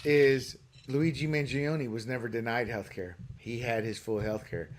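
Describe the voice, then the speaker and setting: A man's voice: mid-range voice, fairly even intonation, a little slow, a little hiss or hum. A man co-hosting a political talk show, opinionated and mocking, often laughing at his own jokes. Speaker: podcast co-host.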